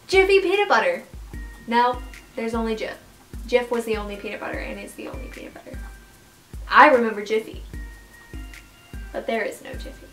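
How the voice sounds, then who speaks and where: A young woman YouTuber with a high, bright voice speaks directly to viewers in a loose vlog monologue, animated and disbelieving, breaking into sudden bursts of swearing. She talks fairly quickly with long pauses, faint music plays beneath her, and the audio quality is poor.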